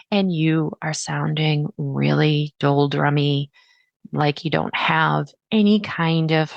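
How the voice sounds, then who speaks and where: A middle-aged woman hosting a solo podcast, chatty and animated, acting out her listeners' words. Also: medium pitch, gravelly, no room sound. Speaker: podcast host.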